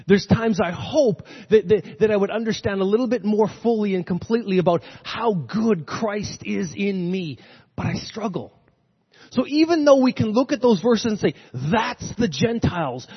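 A man preaching a sermon as a pastor, animated and swinging from loud, emphatic lines to hushed, low ones, recorded in a church sanctuary. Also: breathy edge. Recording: dull lo-fi recording in a reverberant hall.

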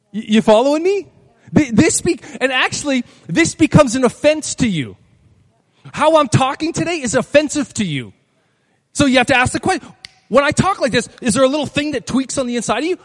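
High-voiced man preaching in a reverberant hall. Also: big pitch swings, fairly quick. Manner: emphatic, repeats phrases, asks the crowd questions. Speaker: pastor. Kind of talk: sermon.

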